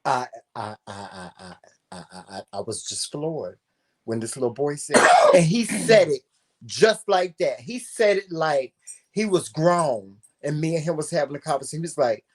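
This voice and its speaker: A man co-hosting a talk show, chatting casually with slangy, expressive speech and frequent laughs. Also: fairly high pitch, moderate pace. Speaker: co-host. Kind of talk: casual chat.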